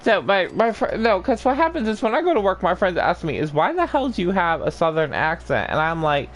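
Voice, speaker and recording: Playful laughing young man with lively pitch. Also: fairly quick. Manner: playful, teasing, laughs often. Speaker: streamer. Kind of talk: casual banter while gaming.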